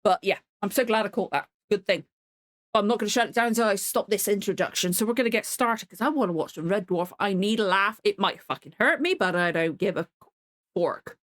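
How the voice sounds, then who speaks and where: A woman's voice: medium pitch, fairly quick. A woman hosts a reaction video indoors at home, chatting loosely to camera. She rambles through asides and swears freely. She is sore and cold as she talks. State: in pain and cold. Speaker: reaction channel host. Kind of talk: casual chat to camera.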